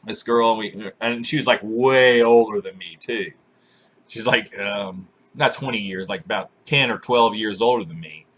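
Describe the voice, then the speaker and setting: Husky, bright-voiced young man telling crude stories. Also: lowish voice, normal speed. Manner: profane, laughs often, bursts into loud acted shouts. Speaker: vlogger. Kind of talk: crude comic storytelling.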